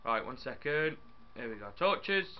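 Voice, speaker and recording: A young man narrates his gameplay in a loose, chatty way, often bursting into excitement and talking to his viewers. His voice sits at a middle pitch. The recording sounds dull and lo-fi, like a cheap home mic. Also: a little slow, a little hiss or hum. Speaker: gaming YouTuber. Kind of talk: casual game commentary.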